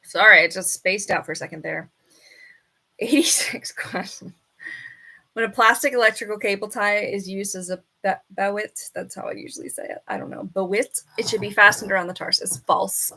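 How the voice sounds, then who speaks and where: A woman on a casual live stream, reading quiz questions aloud and arguing with the answers, and now and then talking softly to her bird. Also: medium pitch, normal speed, gravelly. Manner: chatty, reads questions then argues with the answers. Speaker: falconer streamer.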